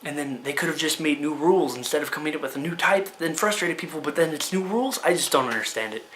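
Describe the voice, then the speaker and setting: Fast-talking, exasperated man ranting. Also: a little high, a bit bright, a little hiss or hum. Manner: exasperated, rapid-fire rhetorical questions; talks fast in bursts. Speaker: card game video creator. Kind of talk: casual opinion rant to camera.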